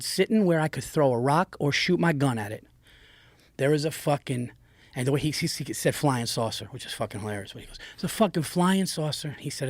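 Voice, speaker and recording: A man in his forties telling a story in an animated, profane way on a podcast, often slipping into an impression of his father. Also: medium pitch, no echo. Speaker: guest. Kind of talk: casual storytelling. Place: podcast studio. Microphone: studio mic.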